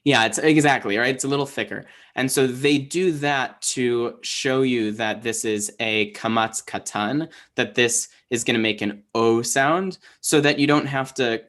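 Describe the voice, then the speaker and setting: A man's voice: mid-range voice, measured pace, hardly any pauses, a bit bright. A man teaching an online Hebrew class, explaining patiently with lots of fillers and restarts over a video call.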